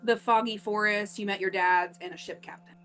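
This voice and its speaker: A woman's voice: medium pitch, fairly even intonation, a little fast, a bit bright, faint music behind. A woman running a tabletop game, prompting players in a playful way. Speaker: game master.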